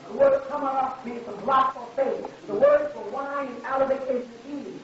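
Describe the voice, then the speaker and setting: High-voiced man preaching mockingly in echoey hall. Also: steady tone, normal speed, slight background noise. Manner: emphatic, mocking, full of rhetorical questions. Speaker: religious lecturer. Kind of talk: preaching lecture to a live audience. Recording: very echoey, distant, lo-fi hall recording.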